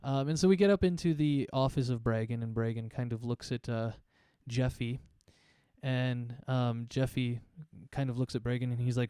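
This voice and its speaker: A man acts as game master, narrating a tabletop game in a relaxed, rambling way with lots of fillers. His voice is mellow and smooth, and the sound is close and dry. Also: mid-range voice, moderate pace, no echo.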